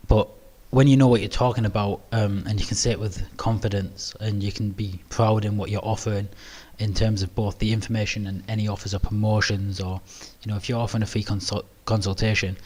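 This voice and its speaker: A man's voice: fairly low pitch, a little mellow, breathy edge. Hesitant British man presenting a webinar. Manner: hesitant, many ums and restarts; modest, self-deprecating. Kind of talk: live webinar Q&A.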